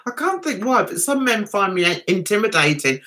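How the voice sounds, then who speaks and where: A woman's voice: medium pitch, sing-song, normal speed, sharp tone. A woman hosting a casual livestream chat, giggling and chatting as she reads out viewer comments and answers them. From England. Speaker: livestream host.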